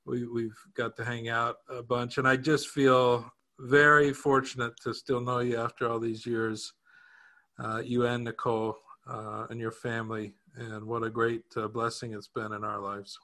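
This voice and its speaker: Bright-voiced man telling a story. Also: mid-range voice, level tone, moderate pace. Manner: self-deprecating, chuckling, with frequent restarts. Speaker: co-host. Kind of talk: casual anecdotal storytelling.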